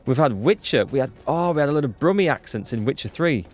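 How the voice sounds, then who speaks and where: A man hosting a live game playthrough, chatty and excitable, greeting viewers in chat. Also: medium pitch, fast talker. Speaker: let's play host. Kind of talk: live gameplay commentary. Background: faint game music.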